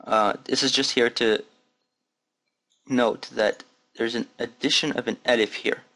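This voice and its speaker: A man's voice: medium pitch, steady tone, unhurried, bright, forceful tone. A man teaching a lesson, patiently demonstrating and repeating sounds. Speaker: Arabic teacher. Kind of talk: recorded language lesson.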